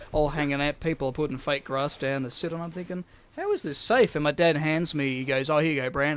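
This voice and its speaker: A man's voice: fairly high pitch, clean tone. A man co-hosting a casual podcast, rambling through stories with plenty of swearing. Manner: rambling storyteller, swears a lot. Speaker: podcast co-host.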